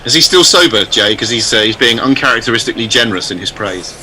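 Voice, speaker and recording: A man giving chatty, measured ball-by-ball cricket commentary. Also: medium pitch, animated, pushed and bright, slight background noise, poor audio. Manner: measured, chatty, self-deprecating.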